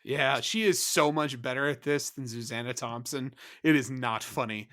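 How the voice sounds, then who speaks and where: A young man co-hosting a podcast, recapping an episode in animated, laughing chat and yelling out quoted lines. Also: medium pitch, moderate pace. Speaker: podcast co-host.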